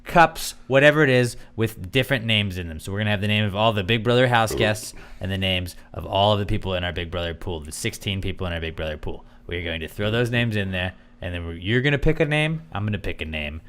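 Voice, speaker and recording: Smooth-voiced rambling podcast guy. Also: on the low side, expressive, fast talker, hardly any pauses, a bit bright. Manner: rambling, swears, many fillers. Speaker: podcast co-host. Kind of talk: casual chat.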